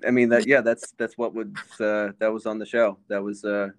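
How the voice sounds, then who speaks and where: A man co-hosting a podcast in casual chat, with dry, wry humor and quick laughs. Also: on the low side, level tone, clean tone. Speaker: podcast co-host.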